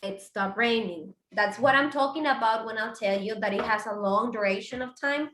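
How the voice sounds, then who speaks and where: Bright-voiced woman teaching English grammar. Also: a little high, moderate pace, roomy sound, a little hiss or hum, low-quality recording. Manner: explains step by step with examples. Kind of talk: online grammar lesson.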